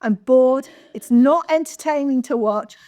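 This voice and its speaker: A woman's voice: high voice, measured pace, warm tone, dry recording, clean studio sound. A woman panelist in a casual podcast chat, blunt, emphatic and swearing freely.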